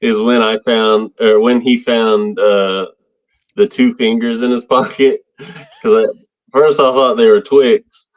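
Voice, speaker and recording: A man's voice: medium pitch, fairly even intonation, slow, rough recording. A man co-hosting a podcast, talking casually about a movie in a laid-back, wry way full of filler words. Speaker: podcast co-host.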